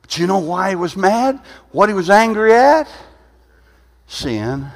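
A man in his sixties preaching an informal sermon, rambling and conversational with frequent "huh?" asides, swinging from quiet, low musing to loud, emphatic bursts. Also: very animated, measured pace. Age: 60s. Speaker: pastor. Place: church sanctuary. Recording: reverberant church hall.

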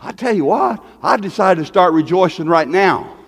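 A man preaching a sermon as pastor, repeating himself and swinging from loud calls to hushed asides. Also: sits high, animated, moderate pace. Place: church sanctuary. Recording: long reverb of a large hall.

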